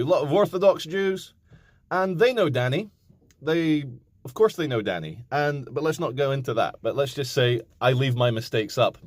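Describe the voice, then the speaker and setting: A man in his thirties talking to camera in a casual, animated rant, swearing and mocking other people. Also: fairly high pitch, no room sound. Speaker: vlogger.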